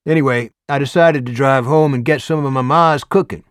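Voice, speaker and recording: A man's voice: medium pitch, fairly quick, clear, resonant tone, dry recording, clean studio sound, lightly acted. A man voicing a charming young man who jokes in a mock-formal way in an audiobook. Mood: amused.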